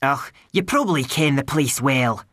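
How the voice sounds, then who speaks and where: A woman's voice: extremely low pitch, expressive, normal speed, fairly bright tone, no room sound, clean studio sound, full character voice. A woman voicing a cheerful tiny male pixie clan chief with a Scottish accent, in a storybook reading. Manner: hearty, boisterous, cheerful.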